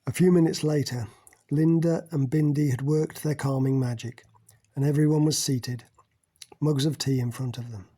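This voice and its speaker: A man narrating an audiobook in a measured, plain storytelling manner with pauses. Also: medium pitch, fairly even intonation, dark tone, slightly rough. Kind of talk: scripted narration.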